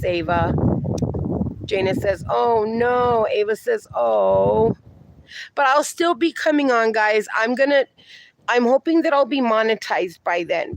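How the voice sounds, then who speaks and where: A man's voice: high voice, a bit bright, a little hiss or hum. A middle-aged man livestreaming from his backyard at night, chatting affectionately and reading viewer comments aloud, with dogs around.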